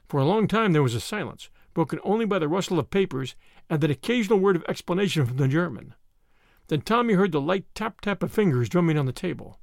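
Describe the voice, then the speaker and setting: Man reading a novel aloud, high voice, dry close sound. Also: animated, fast, gravelly, darkish tone, dry recording. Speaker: audiobook narrator. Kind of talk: scripted narration.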